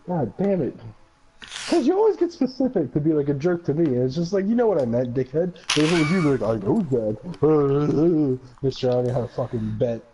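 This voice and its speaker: A man's voice: a little high, wildly swooping pitch, moderate pace, pauses often. A young man streaming a game with friends, ribbing them with profane mock anger. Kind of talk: casual gaming stream banter. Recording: dull lo-fi audio with crowd noise.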